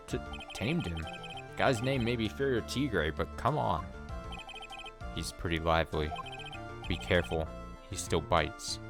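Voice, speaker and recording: A man voicing a calm, smug male prosecutor in a low, smooth, unhurried voice, over game music. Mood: cool.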